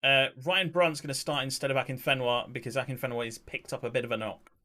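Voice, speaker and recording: A man's voice: medium pitch, fairly even intonation, quick pace, bright, forceful tone. Bantering male game streamer. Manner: bantering, reading and answering chat, swears casually. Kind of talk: casual live-stream chat.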